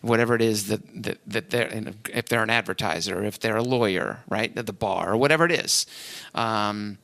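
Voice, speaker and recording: A man's voice: on the low side, brisk, vocal fry, a bit bright, dry recording. A man from Cleveland, Ohio, hosting a casual podcast as a real estate agent, rambling and self-deprecating. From Cleveland, Ohio, USA.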